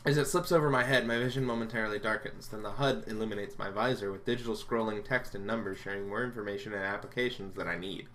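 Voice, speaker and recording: A man's voice: fairly low pitch, fairly even intonation, fast talker, hardly any pauses, fairly bright tone, slight background noise. A man reading a visual novel aloud, dramatic and full of sarcastic asides. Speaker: game reader.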